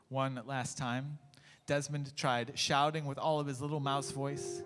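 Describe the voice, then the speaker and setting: A man's voice: medium pitch, normal speed. Man telling a story in church. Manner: animated, expressive. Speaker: worship leader and storyteller. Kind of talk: storytelling in a worship service. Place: church sanctuary. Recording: echoey church hall, faint music.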